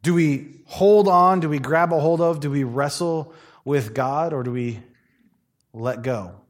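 A man preaching in a loose, conversational manner, slightly high-pitched. He tells stories with animated energy and playful asides. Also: measured pace. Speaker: pastor. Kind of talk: sermon.

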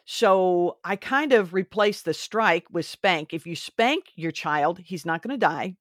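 A woman's voice: lowish voice, expressive, unhurried, no room sound, clean studio sound. A woman hosting a faith and parenting podcast, talking earnestly and instructively, a little preachy. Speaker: podcast host. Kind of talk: faith-based parenting talk.

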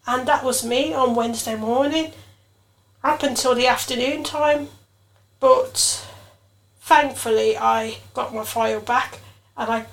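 A woman hosting her own podcast, telling a personal story in an earnest, reflective way, with emotional emphasis. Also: a little high. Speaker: podcast host.

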